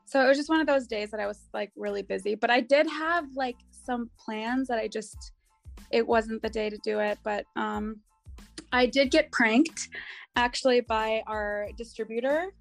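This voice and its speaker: A young woman hairstylist co-hosting a podcast, chatting in an animated, easily sidetracked way. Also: on the high side, moderate pace, creaky, soft background music. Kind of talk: casual chat.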